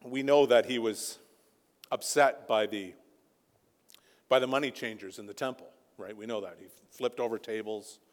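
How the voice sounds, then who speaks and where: A man preaching a sermon as a pastor, impassioned, rising to near-shouting peaks. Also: medium pitch, normal speed. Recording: long hall reverb.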